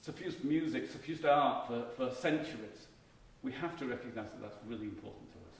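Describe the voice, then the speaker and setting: A man's voice: medium pitch, fairly quick, creaky. A middle-aged man delivers a conference lecture in a mid-range voice, emphatic and conversational, often restarting his phrases. The recording carries the roomy echo of a hall, with a faint hum of noise underneath. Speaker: keynote speaker, marketing professor.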